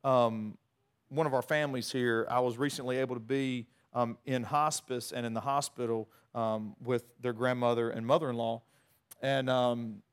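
A middle-aged man, preaching a sermon in a conversational, animated way with many restarts. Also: mid-range voice, smooth. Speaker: pastor.

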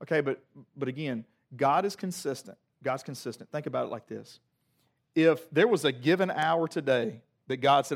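A man preaching a sermon to a congregation, moving from quiet reflective passages to loud emphatic peaks, with humorous asides. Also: mid-range voice, normal speed. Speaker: pastor.

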